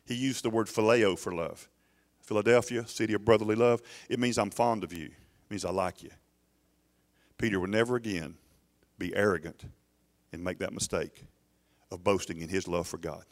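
A man's voice: on the low side, steady tone, normal speed. Emphatic middle-aged man preaching. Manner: emphatic, urging listeners, with frequent restarts. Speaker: pastor. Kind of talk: sermon. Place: church.

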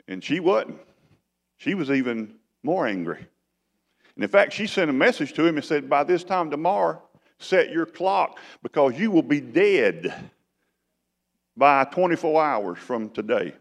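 A man preaching a sermon as pastor, with folksy, animated delivery. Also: a little high, vocal fry. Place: church sanctuary. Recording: long church reverb.

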